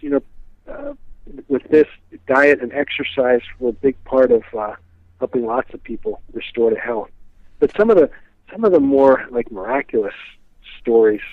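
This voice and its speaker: A man's voice: mid-range voice, moderate pace, dry recording. Man rambling over a tinny phone line. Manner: rambling, filler-heavy, animated retelling. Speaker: guest expert. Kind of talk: casual storytelling in an interview.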